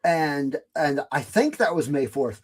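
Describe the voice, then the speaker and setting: A man's voice: a little high, sing-song, a little slow, husky. A middle-aged man co-hosting a podcast, speaking hesitantly with lots of fillers in casual chat. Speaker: podcast co-host.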